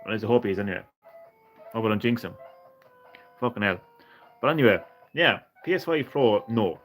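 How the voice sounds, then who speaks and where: A man's voice: lowish voice, expressive, a little fast, fairly bright tone, faint music behind. A man streaming a retro game, chatting with viewers in a sweary, ranting way. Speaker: gaming streamer. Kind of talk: casual live-stream chat.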